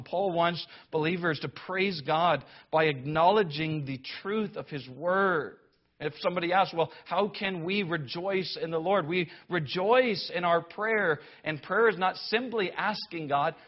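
A man delivers a church sermon with a somewhat high voice, pressing his points with mounting emphasis and a dry, sarcastic edge. The recording is muffled and lo-fi. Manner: emphatic, rising to loud declamation when quoting scripture; wry, sarcastic asides. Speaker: preacher. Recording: dull lo-fi sound.

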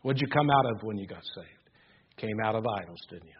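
An older man preaching a sermon, reading scripture aloud and moving between hushed musing and rising, emphatic exhortation. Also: on the low side, expressive, brisk, muffled recording, slight background noise. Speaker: pastor.

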